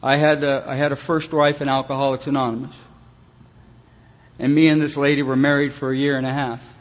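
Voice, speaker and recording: A man from Los Angeles gives a personal recovery talk in front of a live audience. He tells his story with dry, self-mocking humor and steps into the voices of the people he quotes. His voice sits at an ordinary middle pitch. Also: little pitch movement, a little fast. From Los Angeles, California. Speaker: AA speaker. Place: retreat meeting hall, live audience.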